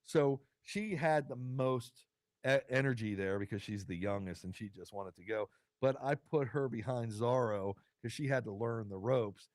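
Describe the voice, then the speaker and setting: Choked up with emotion, a man hosts his own casual solo vodcast from a studio, rambling with fillers and false starts. He has a mid-range voice and a moderate pace, with no echo in the recording.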